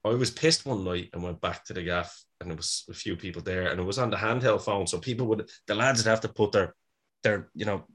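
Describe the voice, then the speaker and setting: An Irish man in his fifties chatting casually as a podcast co-host, spinning stories with frequent laughter and easy swearing. His voice sits slightly low. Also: brisk, fairly bright tone. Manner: storytelling, laughs often, swears freely. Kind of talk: casual chat.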